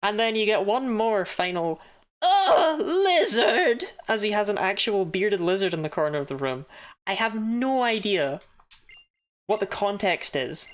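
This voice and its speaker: A woman's voice: mid-range voice, moderate pace. A woman chatting casually while streaming a game, laughing often and swearing now and then. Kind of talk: casual live-stream commentary.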